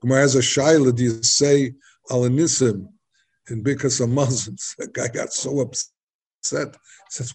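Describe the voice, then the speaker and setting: A man teaching a Talmud class, halting and repeating words as he searches for them. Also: medium pitch, fairly even intonation, gravelly, a little mellow, slightly rough.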